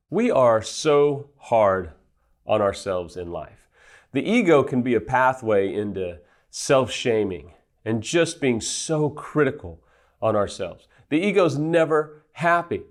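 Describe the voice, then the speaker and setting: A man giving an earnest teaching talk as a recovery counselor, stressing his points in lists. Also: mid-range voice. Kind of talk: teaching monologue.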